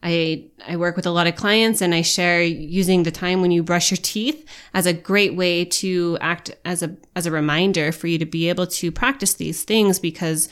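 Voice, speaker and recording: A woman's voice: fairly low pitch, fairly even intonation, moderate pace, hardly any pauses, clear, resonant tone. A woman podcast host and coach talking earnestly and encouragingly straight to her listeners. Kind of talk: reflective podcast talk to listeners.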